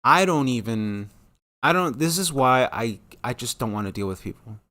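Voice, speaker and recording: With lively intonation, a sharp tone, and a moderate pace, this thirtysomething solo talk host delivers a rambling, profane, casual monologue and loses the thread now and then. Whenever he quotes someone, he acts it out with sudden, rising jumps in pitch.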